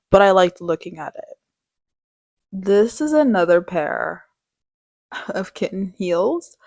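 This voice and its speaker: Young woman, fashion vlogger; slow, gushy, dramatic delivery, dry close sound. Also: mid-range voice, a little mellow, no room sound. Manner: gushing, dramatic, slangy. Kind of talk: casual product showcase.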